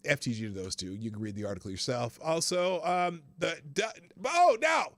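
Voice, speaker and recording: A man's voice: mid-range voice, very animated, fairly quick, no room sound. A man hosting a live news commentary stream, ranting sarcastically, swearing freely and laughing between sentences. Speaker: show host.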